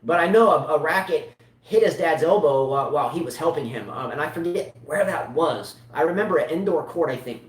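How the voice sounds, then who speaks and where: High rambling man, roomy and distant. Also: expressive, fairly quick, soft background music. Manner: rambling, with many restarts and rhetorical questions. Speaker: tennis show host. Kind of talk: casual live chat show.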